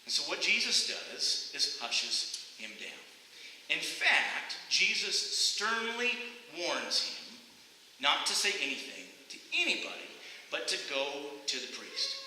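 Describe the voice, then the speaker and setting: Lively male pastor, bright ringing voice, echoey sanctuary with a faint hiss. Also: fairly high pitch, slow pace. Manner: animated, conversational preaching with rhetorical questions. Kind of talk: sermon. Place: church sanctuary.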